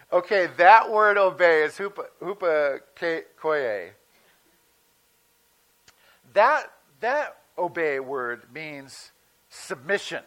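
A male pastor giving a sermon in a conversational teaching manner, slowing down to stress key words. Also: sits high, expressive, a bit bright, poor audio.

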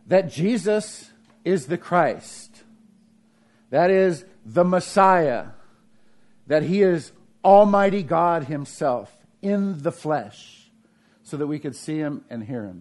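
Fairly high-voiced male preacher, conversational. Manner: conversational preaching with frequent restarts and rhetorical questions; swings between raised emphasis and quiet, low asides. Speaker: pastor. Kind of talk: sermon.

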